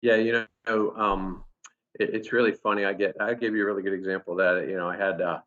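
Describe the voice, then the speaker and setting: A male engineer telling an animated anecdote in a casual recorded talk, with frequent restarts. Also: on the low side, quick pace. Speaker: engineer at a company experience center. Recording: dull lo-fi sound.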